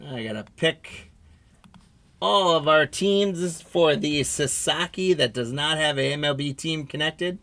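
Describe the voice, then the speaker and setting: A man's voice: a little high, lively intonation, measured pace, a bit bright. A man hosting a live trading card break stream, reading out player names and teams in a running patter and chatting with viewers.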